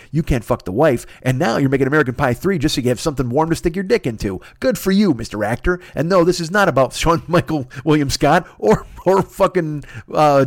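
A rapid-fire man rants his way through a comic podcast monologue, swearing constantly and slipping into mocking character voices. The sound is dry and close, with no room around it. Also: medium pitch, no room sound. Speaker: podcast host. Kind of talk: profane comedic monologue. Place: his apartment.

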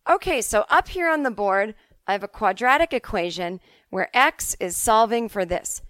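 Woman playing a male algebra teacher, brisk, matter-of-fact, dry close sound. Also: on the high side, expressive, fairly bright tone, dry recording.

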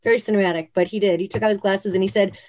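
A woman's voice: medium pitch, rapid-fire. A woman from Phoenix, a former dancer, telling stories as a guest in a casual interview, with lots of "like" and "you know". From Phoenix, Arizona. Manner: chatty, many "like" and "you know" fillers, animated retellings.

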